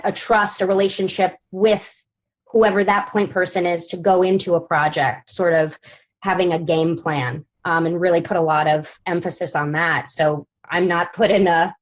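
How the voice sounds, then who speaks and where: A woman's voice: lowish voice, steady tone, normal speed, rough recording. A woman producer speaking as a panel guest, giving long, thoughtful answers with a frequent "like". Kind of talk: casual panel discussion.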